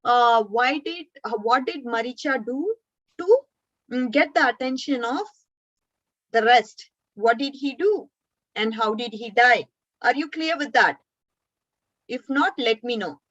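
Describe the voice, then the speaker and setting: A woman teacher tells a story to a class of children, stopping often to quiz them. Her voice sits high and sounds close and dry. The recording is slightly dull and lo-fi. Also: expressive, unhurried, pauses often, no room sound. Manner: asks the class frequent questions; gently scolds a student.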